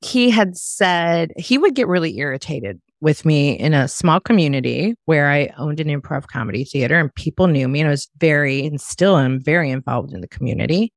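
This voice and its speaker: A woman's voice: low voice, normal speed, hardly any pauses, no room sound, studio quality. A middle-aged woman hosting a podcast, chatting casually and acting out the voices of people in her stories. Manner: animated storyteller, acts out quoted voices. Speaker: podcast host. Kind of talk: casual chat.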